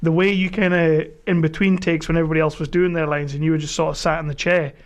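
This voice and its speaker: A man's voice: on the high side, little pitch movement, quick pace. A man hosting a podcast, asking enthusiastic, rambling questions in casual chat. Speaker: podcast host.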